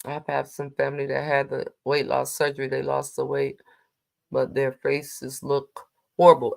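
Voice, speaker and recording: A woman hosting a relaxed livestream chat, reacting to viewer comments as she goes. She talks in a sassy, emphatic, down-to-earth way and draws out her exclamations. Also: rumbling low, vocal fry. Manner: colloquial, drawn-out exclamations.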